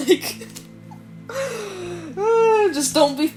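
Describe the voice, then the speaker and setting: Woman, tarot reader, casual chatty delivery, mid pitch, faint music bed. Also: moderate pace. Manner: chatty, fillers like "y'all", laughs often. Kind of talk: casual tarot reading to camera. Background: soft background music.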